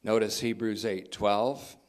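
Man, lowish voice, Bible teacher, deliberate, emphatic, repeats key phrases, verse-by-verse teaching. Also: fairly even intonation.

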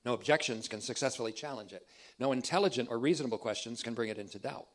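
A man teaching a theological sermon, deliberate and emphatic, repeating key phrases for emphasis. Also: medium pitch. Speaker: preacher.

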